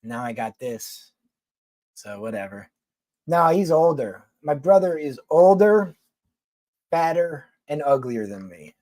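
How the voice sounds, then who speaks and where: A man with a Philadelphia accent talks loosely to his livestream audience, swearing freely and wandering from point to point. His voice sits a little high for a man. The sound is dry and close, with no room around it. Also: animated, slow pace, long pauses, dark tone, no room sound. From New York City. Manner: profane, rambling, blunt. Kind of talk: casual livestream chat answering viewers.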